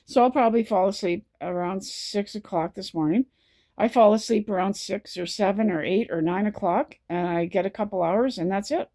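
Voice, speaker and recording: A woman addresses the camera in a personal vlog with a mellow, mid-range voice. Exhausted from lack of sleep and close to tears, she speaks haltingly and repeats herself.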